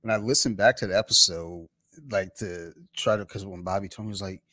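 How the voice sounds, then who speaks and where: A man's voice: deep voice, fairly even intonation, brisk, pushed and bright, no room sound. A man hosting a podcast, telling stories in a rambling, laid-back way with lots of fillers. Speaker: podcast host. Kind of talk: casual chat. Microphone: home podcast mic.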